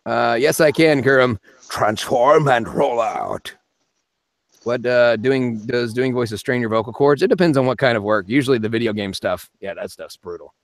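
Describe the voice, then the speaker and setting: A male voice actor hosting a casual live-stream Q&A. He is chatty and joking, answers chat questions quickly and laughs often from his home studio. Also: mid-range voice.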